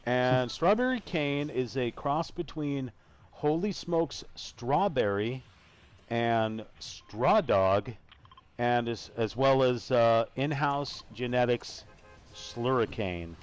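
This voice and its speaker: A man's voice: mid-range voice, lively intonation, slow, clean tone. A man hosts a casual live gaming broadcast, talking loosely while he plays. He swears freely and drifts between game calls and stories. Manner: casual, swears, tries silly accents. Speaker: podcast host and gamer. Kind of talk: casual chat while playing.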